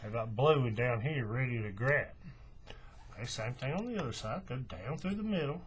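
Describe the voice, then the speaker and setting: Man, craft tutorial host, folksy hands-on explaining, lively up-and-down pitch, faint background hum. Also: normal speed. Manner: relaxed, folksy, talks while working with his hands. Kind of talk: step-by-step hands-on demonstration.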